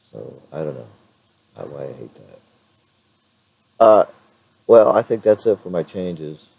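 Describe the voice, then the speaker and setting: Very low, gravelly hoarse man. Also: sing-song, takes it slowly, pauses often, mellow, no echo, highs cut off. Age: middle-aged. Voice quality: hoarse, raspy voice. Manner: rambling, frequent fillers and restarts. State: clears throat now and then. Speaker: vlogger. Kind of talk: casual vlog chat.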